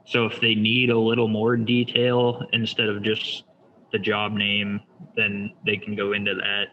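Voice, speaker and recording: A man walking someone through his shop's job software in a relaxed, step-by-step way with many fillers. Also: fairly low pitch, measured pace, muffled recording, slight background noise. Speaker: shop owner demonstrating software. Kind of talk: casual screen-share demo.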